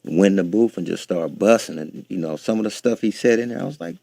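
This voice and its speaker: A man with a low, gravelly voice recalls a studio session in an unhurried, halting way, full of fillers. The sound is dry and close-miked. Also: sing-song, mellow, no room sound. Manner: laid-back, halting with fillers. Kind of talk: interview recollection.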